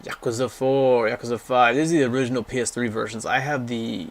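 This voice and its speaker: A man's voice: medium pitch, steady tone, brisk. A young man casually rambling through a game library, giving blunt, profane opinions and going off on tangents. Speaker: gaming vlogger.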